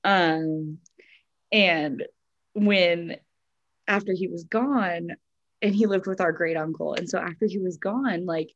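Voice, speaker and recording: A woman's voice: lowish voice, slow, muffled recording, a little hiss or hum. A woman co-hosting a podcast in a casual chat, reading out a listener's story with lots of giggles, "like" and "um". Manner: giggly, filler-heavy, lots of "like" and "um". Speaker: podcast co-host.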